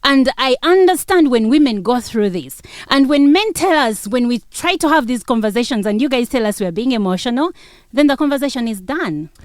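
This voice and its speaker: Ugandan-accented female co-host, insistent debater, higher voice, dry studio sound. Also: lively intonation, fairly quick, no room sound. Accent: Ugandan English. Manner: insistent, repeats herself to hold the floor. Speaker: radio show co-host.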